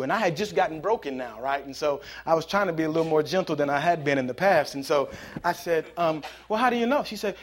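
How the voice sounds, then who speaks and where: A man, a pastor, preaching a conversational sermon that builds into loud, emphatic passages. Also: on the high side, expressive, fast.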